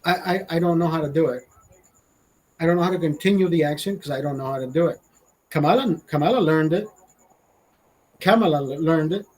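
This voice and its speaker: A Honduran man in his forties, a vlogger with a Honduran accent, rants bluntly and indignantly to camera with plenty of profanity. His voice is fairly high and darkish, his delivery brisk but broken by frequent pauses, and the recording is rough.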